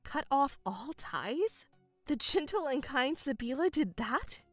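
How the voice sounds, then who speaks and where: A woman voicing a calm, cold young stepdaughter in a dramatized story, speaking in a measured, coolly firm way. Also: high-pitched, no room sound, soft background music, heavily acted.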